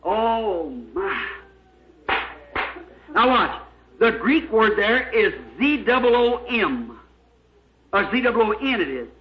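Man, high voice, fervent emphatic preacher, dull lo-fi old recording. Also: sing-song, slow, pauses often, roomy sound, a little hiss or hum. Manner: emphatic, fervent, spells out words letter by letter. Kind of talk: sermon. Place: church.

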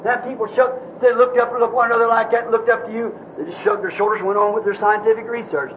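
Telling a long story in his sermon, a male preacher rambles folksily and repeats "said" again and again. He speaks fast in a high, steady voice, and the dull old tape recording carries a faint hiss.

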